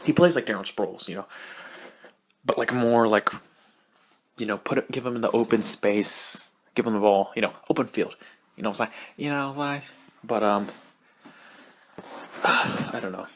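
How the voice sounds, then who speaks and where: Young man, podcast host, casual solo rant, profane, rambling, fast-talking, laughs a lot. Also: lowish voice.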